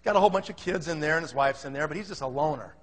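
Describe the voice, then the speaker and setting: A man telling a comic story in an animated way, acting out the other people's voices. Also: fairly high pitch, very fast. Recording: long reverb in a hall.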